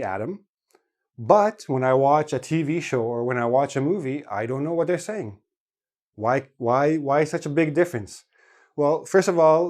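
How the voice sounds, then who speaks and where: A young Canadian man gives an English lesson straight to his viewers. He speaks slowly and deliberately, stressing every syllable so each word can be caught. His voice is of ordinary pitch for a man. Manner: slow, carefully enunciated, stresses each syllable. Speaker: English teacher. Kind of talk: scripted lesson to camera.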